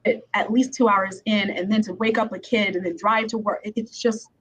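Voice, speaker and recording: A woman's voice: medium pitch, fairly even intonation, moderate pace, a bit bright, slightly rough. A woman attorney hosting a podcast interview, talking in a chatty, conversational way. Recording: slightly dull sound with faint background noise.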